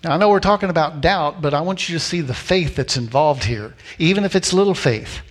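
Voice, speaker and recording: A man preaching a sermon with a slightly higher voice than most men. He tells the story with energy, acting out the voices of its people, and slows down to repeat his key lines for emphasis. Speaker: pastor.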